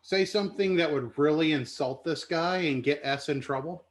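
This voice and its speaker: A man playing a tabletop game, talking haltingly as he works out his moves. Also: a little high. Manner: halting, thinks aloud with fillers. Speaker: player.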